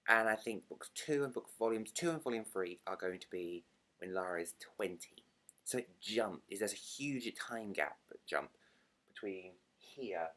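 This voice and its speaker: A young British man chatting excitedly in a casual book vlog, gushing and rambling. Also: lowish voice. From Britain. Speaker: book vlogger.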